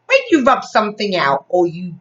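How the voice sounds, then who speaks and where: A woman's voice: medium pitch, lively intonation, slow, a bit bright, far from the mic. A woman with an English accent teaching a phonics lesson to young children, praising often in a sing-song way. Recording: dull sound from off mic.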